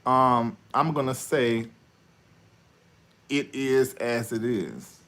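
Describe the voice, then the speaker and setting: A man hosting a live online talk show, thinking out loud in an animated monologue that swings from shouting to muttering. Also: medium pitch, extremely slow. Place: studio.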